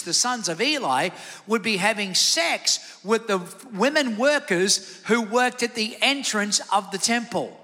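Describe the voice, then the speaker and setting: A man preaching a sermon as pastor, energetic, calling out to the congregation for responses in a church sanctuary. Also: high voice, long reverb tail.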